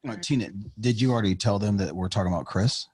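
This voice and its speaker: A man guest on a casual podcast chat, animated, swearing freely and acting out what people said. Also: fairly low pitch, quick pace, breathy edge.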